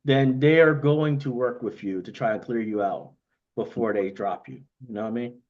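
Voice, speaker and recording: A man hosting a casual livestream, talking excitedly in quick bursts and often asking "you know what I mean". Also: medium pitch, lo-fi sound. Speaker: livestream host thanking investors.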